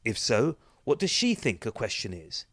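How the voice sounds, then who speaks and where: Host intro read: man with a lively, animated voice, dry close recording. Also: medium pitch, normal speed, no echo. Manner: playful, lively delivery. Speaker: podcast host. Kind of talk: scripted show intro. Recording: dry close studio sound.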